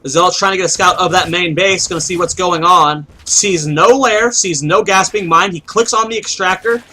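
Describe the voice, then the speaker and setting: A man's voice: sits high, normal speed, pushed and bright, rough recording. A man giving solo play-by-play commentary on a strategy game match, chatty and explanatory, often thinking aloud and asking himself questions. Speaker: esports caster.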